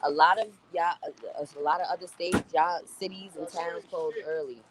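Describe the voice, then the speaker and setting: A woman's voice: lowish voice, steady tone, moderate pace, noisy background. Profane chatty New woman streamer. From New York. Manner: blunt and profane, chatty, laughs often. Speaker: live-stream host. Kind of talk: casual live-stream chat reading viewer comments.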